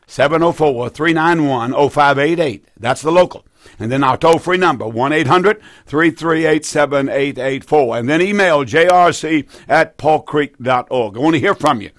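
A man's voice: a little high, moderate pace, dry recording, clean studio sound. A man hosting a call-in radio Bible program, preaching fervently with repeated phrases and frequent restarts. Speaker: radio Bible teacher taking calls.

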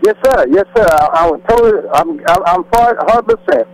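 A man from North Carolina, a pastor calling in to a radio show, emphatic and quick to agree. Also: sits high, expressive, rough recording. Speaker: caller, a pastor. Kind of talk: call-in radio caller.

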